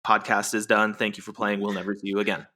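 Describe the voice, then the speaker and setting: A man's voice: lowish voice, completely flat delivery, fast, sharp tone. A man co-hosting a podcast, playfully recapping a movie's plot and teasing his co-host.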